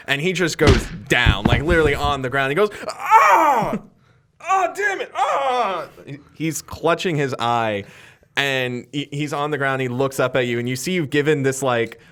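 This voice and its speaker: A man acts as game master for a tabletop game, describing scenes in a relaxed way with plenty of fillers. His voice is medium-pitched and his speed normal.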